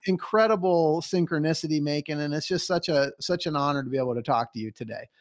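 A man's voice: fairly high pitch, quick pace. A man hosting a podcast interview, telling a story eagerly and acting out the voices of people he quotes. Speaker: podcast host.

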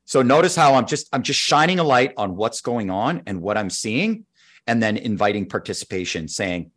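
A man's voice: mid-range voice, sing-song, moderate pace, a bit bright. A man speaking as a guest expert, patiently explaining his ideas step by step in conversation. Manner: patient, methodical teacher who walks through steps. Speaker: guest expert on team skills.

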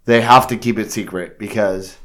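A man co-hosting a podcast, casually retelling a novel's scenes and acting out the characters' lines. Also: lowish voice. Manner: slow, animated retelling with acted-out quotes. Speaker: podcast co-host. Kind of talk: casual chat recapping a novel.

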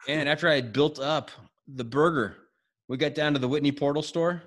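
A man hosting a podcast, telling a hiking story in casual chat, quick and animated with frequent restarts. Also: fairly high pitch. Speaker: podcast host.

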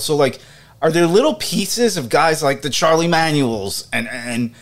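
A male host asks questions in a casual interview with a slightly high voice. He is friendly and familiar with his guest and shows his feelings openly. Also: expressive, measured pace. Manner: warm, emotional, friendly and familiar.

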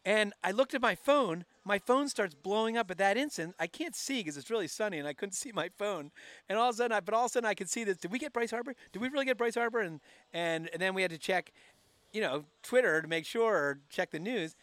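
A man in his forties telling animated stories in a casual chat from a broadcast booth, with frequent restarts. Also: high voice, a little fast, dry recording. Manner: animated storyteller with many restarts. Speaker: team staff member, podcast co-host.

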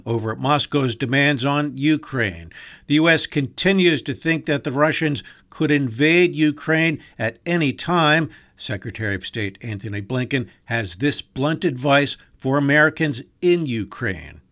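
Guy anchoring the news, punchy and emphatic, mid-pitched voice. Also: expressive, measured pace, fairly bright tone. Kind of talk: scripted news reading.

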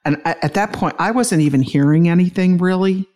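A woman's voice: on the low side, fairly quick, mellow. A middle-aged woman telling an interviewer about the day her son died, emotional, laughing through grief, with many restarts. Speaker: guest, bereaved mother and author. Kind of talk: conversational interview storytelling.

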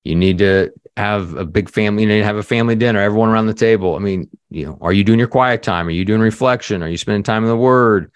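A man, a leadership coach guest on a podcast, telling a story in a lively conversational way, full of "you know" fillers and acted-out quotes. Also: on the low side, fast talker, few pauses, clear, resonant tone, no echo.

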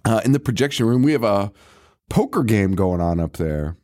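Casting note: young male podcast co-host, mellow dark tone, loose and profane, laughs a lot. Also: on the low side, lively intonation, moderate pace. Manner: laid-back, swears a lot, laughs often. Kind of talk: casual chat.

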